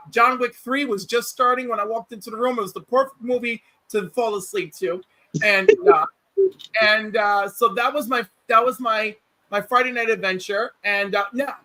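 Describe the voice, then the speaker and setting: High bright-voiced man telling stories. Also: no echo, low-quality recording. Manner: animated, acts out quotes, many restarts. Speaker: livestream host. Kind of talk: casual storytelling chat.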